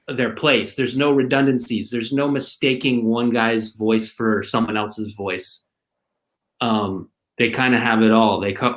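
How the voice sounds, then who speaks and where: A man's voice: medium pitch, a bit bright. A man speaking as a podcast guest in a casual, hesitant way, often restarting his sentences. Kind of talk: casual chat.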